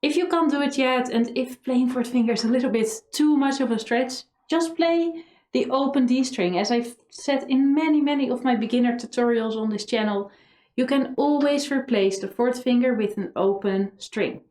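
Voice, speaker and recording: A Dutch-accented violin teacher leads an energetic lesson, singing melody lines on syllables. Her voice sits high with a darkish tone and normal speed, recorded in an echoey room with faint violin.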